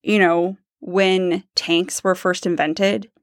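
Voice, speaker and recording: A woman's voice: on the low side, little pitch movement, takes it slowly. Thoughtful woman podcast co-host. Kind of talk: casual book discussion.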